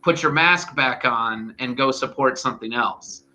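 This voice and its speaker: Bright-toned young man, casual chat. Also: medium pitch, unhurried. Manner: loose, filler-heavy talk. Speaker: student content creator. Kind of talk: casual livestream panel chat. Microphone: video call.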